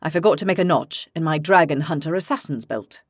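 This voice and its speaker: A woman voicing a brash, boastful young male dragon hunter in an audiobook, pitched a little lower than her narration. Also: lively intonation, a little fast, no echo, studio quality. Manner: boastful, blunt.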